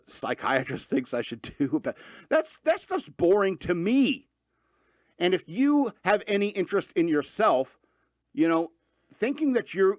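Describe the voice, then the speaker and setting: A man's voice: on the high side, dry recording, studio quality. A man in his thirties hosting a podcast, rambling loosely through a casual monologue, joking and laughing often, with lots of fillers. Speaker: podcast host.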